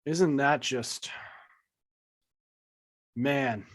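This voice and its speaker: A man guesting on a casual podcast who rambles and stumbles through his thoughts. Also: mid-range voice. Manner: rambling, halting, full of "like".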